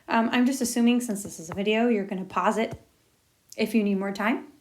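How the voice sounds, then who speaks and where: A woman's voice: mid-range voice, steady tone, brisk. A woman teacher walking through a recorded lesson step by step, upbeat and encouraging.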